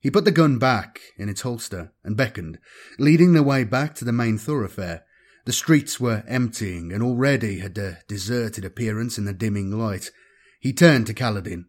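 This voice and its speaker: A man giving a measured, dramatic scripted narration of a science-fiction audiobook. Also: on the low side, animated.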